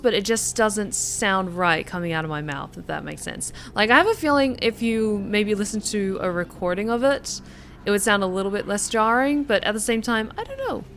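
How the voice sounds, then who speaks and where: A woman's voice: mid-range voice, fairly bright tone, a little hiss or hum. A woman streaming a video game live, thinking aloud as she plays and speaking in a neutral accent she is still practising. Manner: thinking aloud, musing, trailing off. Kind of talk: live gameplay commentary.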